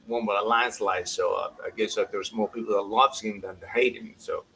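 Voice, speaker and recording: A man co-hosting a soccer show in a casual, animated chat, laughing often and restarting his sentences. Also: fairly low pitch, a little fast, gravelly, a little hiss or hum, rough recording.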